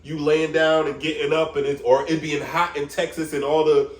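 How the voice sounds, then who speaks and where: A young man with a New York accent, a barber vlogging an animated, profane rant into his phone, repeating "you get what I'm saying". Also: fairly high pitch, moderate pace, echoey room, recorded from a distance. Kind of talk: casual vlog rant. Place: his room at home.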